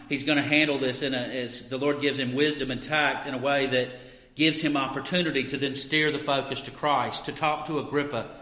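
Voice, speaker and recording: A male pastor preaching a sermon, emphatic, swinging between loud stresses and quiet asides. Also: medium pitch. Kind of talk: expository sermon. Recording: echoey hall with long reverb.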